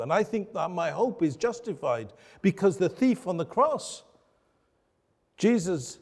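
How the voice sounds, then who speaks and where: In a hall full of reverb, a high-voiced man gives a sermon as a pastor, his preaching earnest and forceful, punctuated by rhetorical questions.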